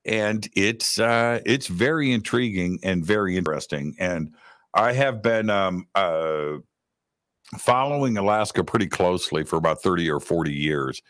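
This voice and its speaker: A man's voice: low voice, expressive, moderate pace, fairly bright tone, dry recording, clean studio sound. A man co-hosting a live talk show, chatting casually and rambling with lots of fillers. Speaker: radio host, co-host.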